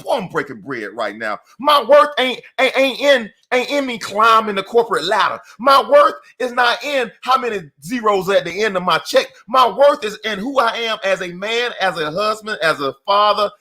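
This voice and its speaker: A man's voice: high voice, moderate pace, few pauses, sharp tone. A middle-aged man giving a motivational talk in an emphatic, repetitive, preacher-like cadence. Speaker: motivational speaker.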